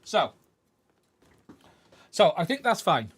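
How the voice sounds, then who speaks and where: Here a man speaks slowly in a high, very animated voice with a breathy edge, recorded with no room sound. At his workbench he live-streams a radio controller repair, reasoning aloud and chatting with his viewers. His setup is a desk mic, and he switches mics during the broadcast.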